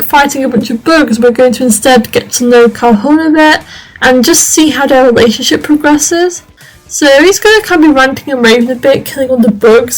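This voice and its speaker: A woman's voice: high voice, low-quality recording. A woman giving casual, rambling commentary over her gameplay. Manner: chatty, rambling, lots of fillers. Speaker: video game creator.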